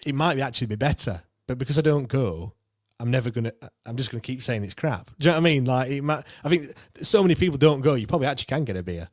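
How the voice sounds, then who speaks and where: A man hosting a casual football fan show, chatty and quick to laugh, often restarting his sentences. His voice sits at a middling pitch. It is recorded close and dry, with almost no room sound. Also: animated, no room sound. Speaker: podcast host reading viewer comments.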